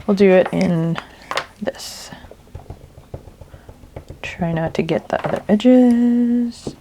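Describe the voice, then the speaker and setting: A woman's voice: medium pitch, drawn-out words, background noise. A woman hosting a crafting video, chatting casually and thinking aloud as she works, with a tickle in her throat. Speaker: crafting channel host.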